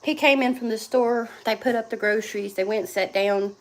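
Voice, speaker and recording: A middle-aged woman with a drawl talks to her phone camera in a loose, rambling way, laughing often. Her voice sits high. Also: fairly quick. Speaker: vlogger. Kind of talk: casual livestream chat. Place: home and yard, outdoors at times.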